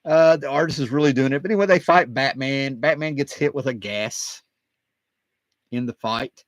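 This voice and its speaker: A man hosting his own video, talking casually and excitedly, wandering off on tangents with plenty of fillers. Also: medium pitch, moderate pace, dry recording. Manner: excited, digressive, many fillers. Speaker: comic book collector and video host. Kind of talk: casual rambling talk.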